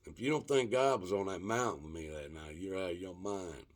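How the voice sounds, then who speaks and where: A man telling a rough, profane story in casual spoken style, drawing out the dramatic moments. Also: deep voice. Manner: profane, colloquial, drawn-out dramatic retelling.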